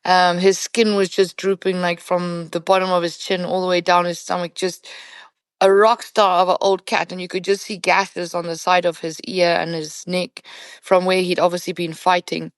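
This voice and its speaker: In a lowish voice at normal speed, a woman who works as a professional hunting guide tells a podcast about a night hunt. Her storytelling is lively and conversational, heavy on "you know" fillers, and there's no echo.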